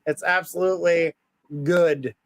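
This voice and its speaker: A man's voice: a little high, fairly even intonation, measured pace, no echo. A man hosting a casual live psychic stream, upbeat and laughing often as he reads viewer comments aloud.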